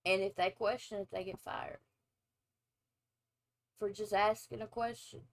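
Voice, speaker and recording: A woman's voice: medium pitch, steady tone, rough recording. A woman in her forties, a former nurse, hosting a casual reaction video and giving her opinions bluntly. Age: 40s. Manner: blunt, opinionated, drawn-out asides.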